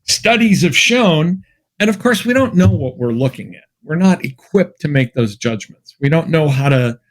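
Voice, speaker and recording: A fairly high, animated male voice, a little mellow, going at normal speed. The speaker is an academic from Massachusetts, USA, guesting on a podcast interview, where he's chatty and wry, spinning anecdotes with many fillers and restarts.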